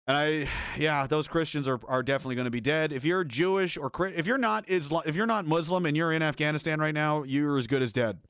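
Male stream host, fiery profane ranter, slightly high voice, dry close sound. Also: quick pace, few pauses, a bit bright, clear, resonant tone, no room sound. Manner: heated, profane, sarcastic ranting. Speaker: livestream host reading chat. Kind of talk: angry political rant on a livestream.

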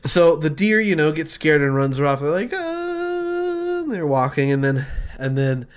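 A man co-hosting a casual comedy chat, telling a made-up film pitch in a rambling way and acting out its scenes. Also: expressive, normal speed, clear, resonant tone. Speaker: podcast co-host pitching film ideas.

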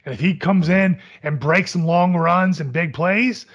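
A man co-hosting a casual sports talk show, giving measured opinions that weigh both sides. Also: high-pitched, fairly bright tone, lo-fi sound. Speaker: podcast co-host.

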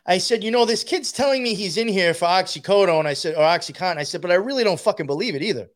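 A man's voice: high voice, expressive, fast talker. A man telling a rambling, profane story in casual conversation, laughing as he goes. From New York.

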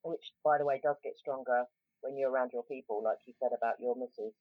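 A woman's voice: rumbling low, fairly even intonation, brisk, no room sound. A woman with a South London accent telling a story in a casual chat, rambling with lots of ums and restarts. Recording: tinny phone-like line, dry.

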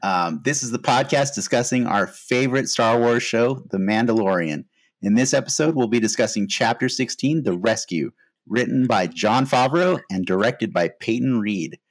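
A man hosting a podcast in casual chat, relaxed and hesitant, with frequent fillers. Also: medium pitch, normal speed. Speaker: podcast host.

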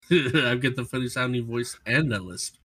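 A man's voice: medium pitch, unhurried, a bit bright, slightly rough, dry recording, studio quality, distant mic. A man co-hosting a casual gaming podcast, playful and teasing. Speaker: podcast co-host.

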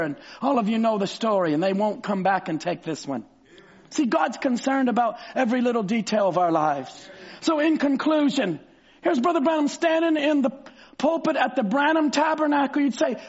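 A fervent male preacher with a very high voice for a man, swinging from soft storytelling into loud, drawn-out shouts. The recording sounds slightly dull. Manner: fervent, bursts into shouts, stretches words. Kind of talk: sermon.

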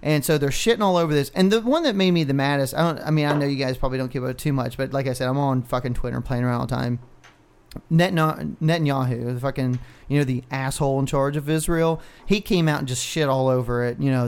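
A man's voice: medium pitch, fast talker, a little mellow, clear, resonant tone. A man co-hosting a podcast, ranting in casual, profane chat. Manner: ranting, heavy swearing. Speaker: podcast co-host.

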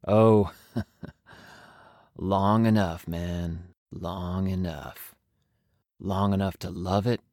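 A man's voice: low-pitched, dry recording, studio quality. A man doing a drawling jaded backpacker. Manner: slow, drawling, mellow. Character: laid-back jaded male veteran backpacker.

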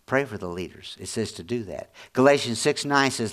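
A middle-aged man preaching a sermon as pastor, folksy and earnest, repeating his points and dropping low and quiet to press them home. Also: expressive, normal speed, few pauses.

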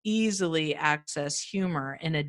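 A woman in her fifties talking earnestly in a casual podcast interview over a remote call, in short halting phrases. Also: sits low. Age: 50s. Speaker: guest. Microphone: remote audio call.

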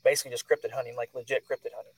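A man's voice: mid-range voice, steady tone, rapid-fire, slightly rough, no echo, far from the mic, poor audio. A man hosting a podcast, chatting casually in loose, filler-heavy talk. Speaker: podcast host.

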